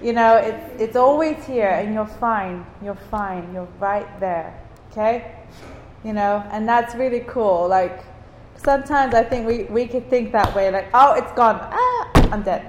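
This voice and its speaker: A woman slowly and earnestly encouraging a women's group with a faith talk. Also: mid-range voice, darkish tone, reverberant, big-room sound, slight background noise, rough recording.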